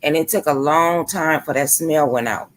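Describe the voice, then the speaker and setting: A woman streamer talks with a friend in loose, emphatic chat. She tells everyday stories in a relaxed, conversational way. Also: deep voice, moderate pace. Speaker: live streamer. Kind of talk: casual chat.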